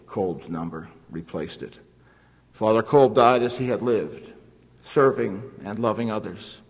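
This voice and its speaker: A man delivers a formal sermon in a measured, solemn manner, with old scriptural phrasing woven through his storytelling. His voice sits low and a little husky. The sound carries a long echo, as if from a large hall. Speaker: preacher.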